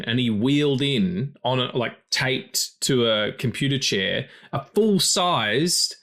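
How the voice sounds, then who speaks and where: A man co-hosts a casual film podcast. His voice sits at an ordinary middle pitch, and he rambles in a loose, chatty way with plenty of fillers and cheerful swearing. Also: expressive, slow, hardly any pauses, fairly bright tone. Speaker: podcast co-host.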